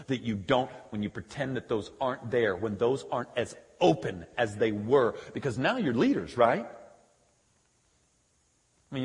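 Emphatic preaching man in a reverberant hall. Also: lowish voice. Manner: emphatic, swings from loud preaching to quiet asides. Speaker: pastor. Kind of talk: sermon.

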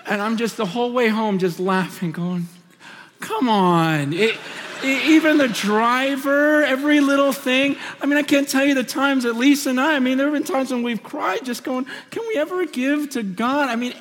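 A man preaching a sermon through personal stories, impassioned and swinging between loud and hushed, on a large hall stage. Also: very high-pitched, moderate pace, slight background noise. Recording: long hall reverb.

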